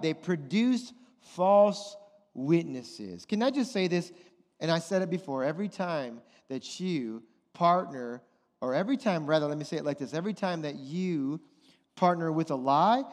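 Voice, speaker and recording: A man preaching a sermon, animated and conversational, often putting questions to his listeners. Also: a little high, moderate pace, long reverb tail. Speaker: pastor.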